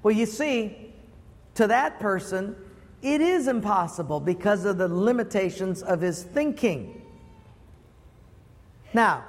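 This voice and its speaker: High-voiced preacher in a reverberant hall. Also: male voice. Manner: rhetorical questions to the congregation, emphatic. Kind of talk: sermon.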